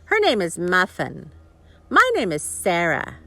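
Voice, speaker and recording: A sweet, earnest little girl, as a woman reading a storybook puts her on, voice bright and light with lively ups and downs. Slow and careful, close and dry. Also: on the low side, heavily acted. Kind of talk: storybook read-aloud.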